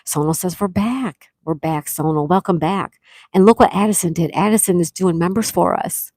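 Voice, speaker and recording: A woman hosting a live stream, reading chat comments and excitedly thanking viewers, with frequent gasps. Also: fairly low pitch, moderate pace, no echo, clean studio sound. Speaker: livestream host.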